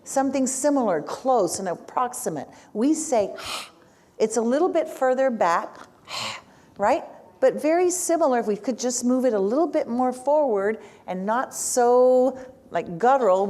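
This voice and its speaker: A woman's voice: fairly high pitch, lively intonation, measured pace, darkish tone. A woman speech-language pathologist, a native Spanish speaker, leading an interactive workshop and having the audience repeat sounds.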